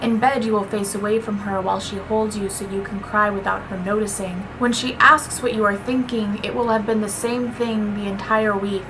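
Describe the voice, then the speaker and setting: A woman's voice: medium pitch, steady tone, normal speed, hardly any pauses, noisy background. A woman reviewing a poetry book, earnest and chatty, reading poems aloud between her remarks.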